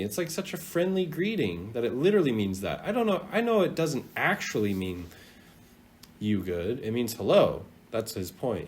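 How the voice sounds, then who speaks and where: A man teaching a casual video language lesson, chatty and animated, drawing out sounds as he demonstrates them. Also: mid-range voice. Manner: lively, chatty, drawn-out demonstration of tones.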